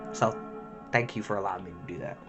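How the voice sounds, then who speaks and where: A man's voice: deep voice, quick pace, music in the background. A young man talking to camera as a storytime host, emotional and heartfelt, chatty and full of fillers. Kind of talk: personal talk to camera.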